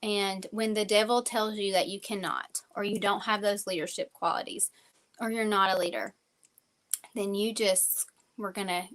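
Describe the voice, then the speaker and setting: A woman's voice: medium pitch, moderate pace, a bit bright. A woman giving an earnest, faith-filled motivational sales training talk, full of fillers and repeated phrases. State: emotional at times.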